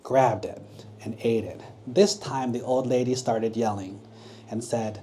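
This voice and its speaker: A monk gently telling a story to children at a temple, often checking in with them. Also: male voice, medium pitch, fairly even intonation, a little slow. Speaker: Buddhist monk. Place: temple hall.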